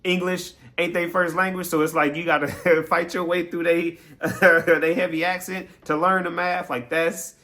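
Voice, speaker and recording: Playful chatty man, bright voice. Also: a little high, level tone, normal speed, hardly any pauses. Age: adult. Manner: playful and chatty, laughs often, acts out quoted voices. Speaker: game streamer. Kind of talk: casual recap talk to viewers.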